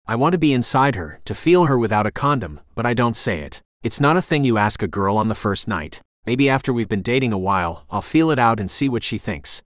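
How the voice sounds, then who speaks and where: Male audiobook narrator, mid pitch, animated and expressive, dry close read. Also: no echo. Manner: lively, voices the dialogue of both leads. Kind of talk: scripted first-person narration.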